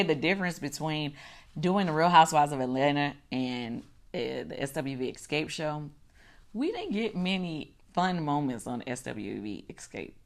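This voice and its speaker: A middle-aged woman hosting a casual recap chat, animated and swearing, acting out her own reactions. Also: on the low side. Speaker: show host.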